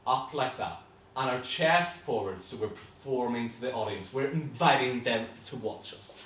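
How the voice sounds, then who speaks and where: A young man with a Northern Irish accent, leading an energetic online acting class and cheering students on through warm-ups. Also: mid-range voice, moderate pace, a little hiss or hum. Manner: lively, encouraging, coaching warm-ups aloud. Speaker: acting teacher. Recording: roomy echo, from a distance.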